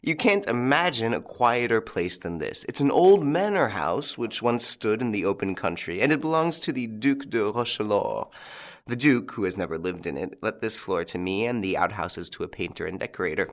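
A man reading the part of a suave, mocking young gentleman thief in an audiobook, with a playful, teasing manner. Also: on the low side, expressive, normal speed.

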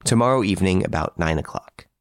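A man voicing a gruff, impatient middle-aged detective who speaks curtly and gives orders in an audiobook. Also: low voice, lively intonation, fast talker, no room sound, clean studio sound. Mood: commanding. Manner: curt, brusque, commanding. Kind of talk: audiobook character voice.

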